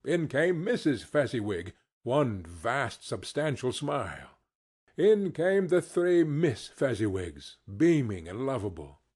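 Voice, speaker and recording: A male audiobook narrator reads a classic story at a slow, deliberate pace. His pitch moves a lot, and his voice has a slightly husky edge. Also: sing-song, darkish tone. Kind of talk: scripted narration.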